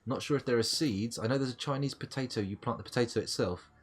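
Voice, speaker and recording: A man's voice: mid-range voice, fast, husky. A middle-aged man giving chatty, playful live commentary on his game, talking to the creatures and to himself. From United Kingdom. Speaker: gaming streamer.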